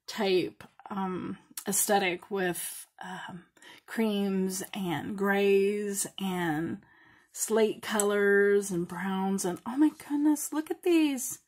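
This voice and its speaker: A woman unboxing beads in a craft vlog, gushing with excited exclamations and now and then dropping to a whisper. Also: mid-range voice, slow pace. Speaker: craft vlogger.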